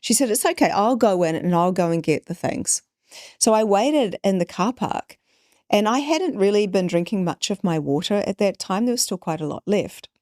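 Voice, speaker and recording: A woman's voice: mid-range voice, normal speed, no echo, studio quality. A woman, a podcast guest telling a story in conversation and acting out the people she quotes. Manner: animated, acts out quoted voices.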